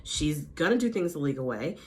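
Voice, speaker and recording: Animated, gossipy woman recapping reality TV. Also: deep voice, a little fast. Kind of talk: casual chatty recap with impressions.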